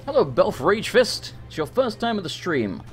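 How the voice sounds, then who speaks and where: Excitable English man with a lively voice. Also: sits high, moderate pace, soft background music. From England. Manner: chatty, excitable, swears when flustered. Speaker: streamer. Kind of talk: live gameplay commentary.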